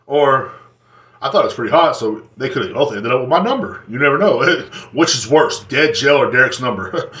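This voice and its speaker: Alone on his podcast, a man with a medium-pitched, sharp voice rants casually, rambling, swearing, and joking as he goes. He's seated in a chair indoors, and the room sounds roomy and echoey.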